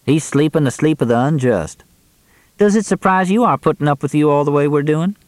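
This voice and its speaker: A man voicing a sharp-tongued, middle-aged Southern woman with a probing, wry way of talking. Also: on the high side, a little fast, dry recording, pitched above the performer's own voice, natural voice.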